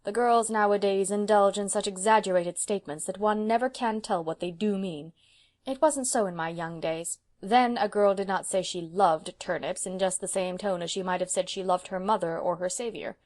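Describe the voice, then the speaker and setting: Lady reading a bossy proud old spinster, 70, loud and emphatic, firm. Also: mid-range voice, steady tone, normal speed, close to an everyday voice. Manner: emphatic, forthright and stern. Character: brisk proud old spinster woman, seventy.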